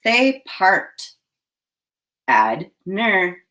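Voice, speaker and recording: A woman teacher leading a phonics lesson for young children, giving slow, clearly enunciated prompts. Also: mid-range voice, very animated, sharp tone, slight background noise.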